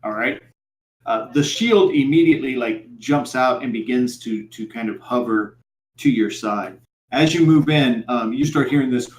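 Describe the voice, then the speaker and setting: A man narrating as game master for a tabletop game, in a halting style full of fillers. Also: medium pitch, reverberant.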